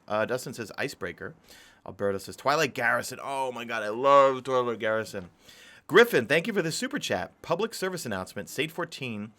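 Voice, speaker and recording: A man's voice: lowish voice, gravelly, fairly bright tone. A young adult man streaming a game live, chatting casually in a rambling way and greeting viewers from chat. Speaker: gaming streamer.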